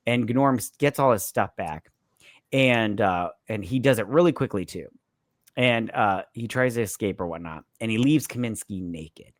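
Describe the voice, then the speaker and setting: A man's voice: lowish voice, moderate pace, no echo. Rambling man retelling a movie plot. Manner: rambling retelling, acting out quotes with "he's like". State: tipsy. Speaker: podcast co-host. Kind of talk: casual movie recap.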